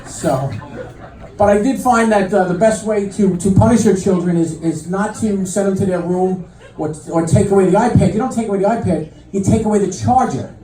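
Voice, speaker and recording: A middle-aged man doing a stand-up comedy set, telling deadpan stories full of fillers and restarts. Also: high voice, fairly quick, a crowd in the background. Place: comedy club stage with live audience. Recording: echoey club mic heard from a distance. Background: audience laughter and room noise.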